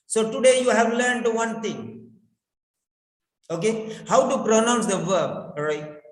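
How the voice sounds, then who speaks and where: High-voiced male teacher in an echoey room. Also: expressive, unhurried. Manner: repeats words and phrases, coaxing students to respond. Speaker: English pronunciation teacher. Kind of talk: online class teaching. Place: in his village. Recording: echoey room with long reverb.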